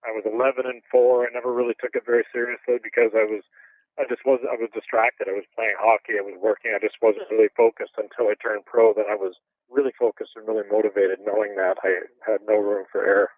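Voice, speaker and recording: A former boxer from Canada in his fifties talks fast in a fairly low voice during a casual interview. The recording is dry with a tinny phone-line quality, and he's an animated storyteller who chuckles frequently.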